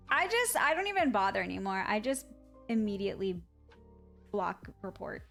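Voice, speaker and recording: A woman's voice: mid-range voice, big pitch swings, moderate pace, vocal fry, pauses often, fairly bright tone, faint music behind. A woman live streamer chatting casually with her viewers, blunt and swearing freely, laughing through her stories.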